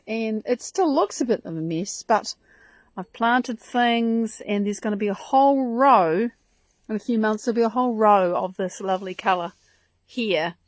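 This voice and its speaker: A woman's voice: fairly high pitch, darkish tone, no echo. A woman hosting a casual live stream from her front garden outdoors, chatting in a rambling, enthusiastic way into a handheld phone.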